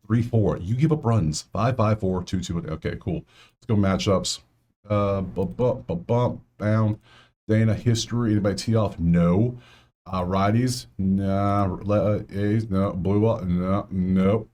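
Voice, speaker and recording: A man's voice: low-pitched, normal speed, dark tone, a little hiss or hum. A man hosting a casual solo sports betting breakdown, talking straight to players and viewers with grumbling asides.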